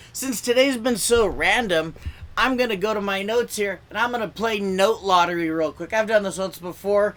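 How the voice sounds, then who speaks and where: A young man with a fairly high voice does stand-up at an open mic over a video call. He rambles and restarts, full of "like", and suddenly jumps into shouted or whispered voices when he quotes people. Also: normal speed. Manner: rambling, self-interrupting, lots of "like". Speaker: stand-up comedian.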